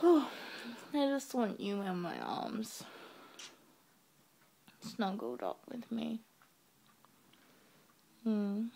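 A young woman recording a sleepy video message to her partner in her bedroom at night, talking softly with her eyes closed. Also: fairly high pitch, expressive, drawn-out words, vocal fry, pauses often. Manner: soft, drowsy and affectionate, talking with eyes closed. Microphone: webcam.

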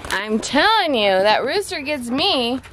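A woman's voice: high voice, big pitch swings, measured pace. A mother vlogging outdoors by her chicken yard, chatting playfully with her son and laughing often. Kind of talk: casual vlog chat with her son. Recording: faint outdoor background noise.

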